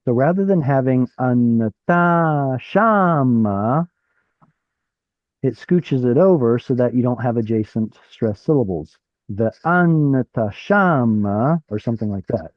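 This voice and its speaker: A man's voice: medium pitch, brisk, hardly any pauses, no room sound. Man teaching, dull dry call audio. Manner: explains while thinking aloud, asks the class questions. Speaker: Hebrew teacher. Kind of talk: live online class teaching. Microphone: video call.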